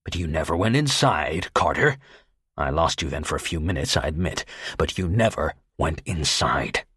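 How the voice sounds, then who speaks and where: A vicious young gunman in an audiobook thriller, spitting venom in a very deep, husky voice, as a male narrator plays him. He sounds hard and cold. The recording is dry and close. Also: animated, moderate pace, fairly bright tone, no echo, heavily acted. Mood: menacing. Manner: menacing, venomous. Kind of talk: audiobook character voice.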